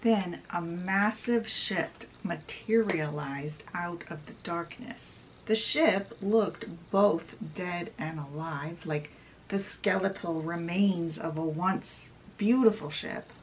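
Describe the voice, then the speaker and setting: A woman's voice: lowish voice, takes it slowly, slight background noise, rough recording. A woman casually retelling a book's story, chatty and full of fillers. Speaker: book channel host. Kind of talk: casual book summary retelling.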